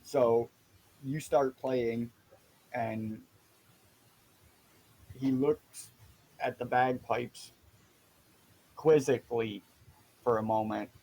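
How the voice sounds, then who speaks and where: A man narrating as dungeon master of a tabletop game, in a slow, even way. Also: medium pitch, rough recording.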